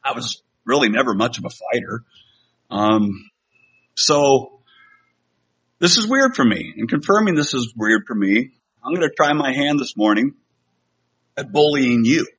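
Here the preacher is a middle-aged man whose medium-pitched voice is animated, unhurried and a bit bright, with a breathy edge and frequent pauses. Speaking to the congregation in a church sanctuary, he keeps it conversational and self-deprecating, with fillers and restarts, captured on slightly dull lo-fi audio.

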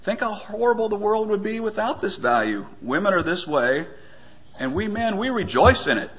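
A man giving a conversational sermon, often pausing with fillers and stumbling for words. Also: sits high, sing-song, a bit bright. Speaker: preacher.

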